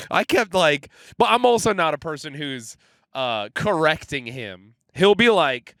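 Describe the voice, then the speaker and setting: A man's voice: on the high side, expressive, moderate pace, fairly bright tone, no echo. A young man co-hosting a podcast, telling rambling, profane stories in casual chat. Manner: loose, profane storytelling. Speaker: podcast co-host.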